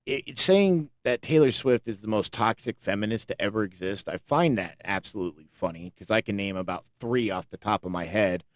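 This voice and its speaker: Profane, ranting man with a low voice. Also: no room sound, clean studio sound. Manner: profane, exasperated, rambling with restarts. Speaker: commentary channel host. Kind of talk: casual reaction rant.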